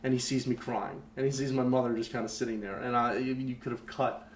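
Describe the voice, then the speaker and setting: A man's voice: medium pitch, level tone, brisk. A young man telling a personal story in conversation as a podcast guest, candid and rambling, full of fillers. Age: young adult. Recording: roomy echo, faint background noise.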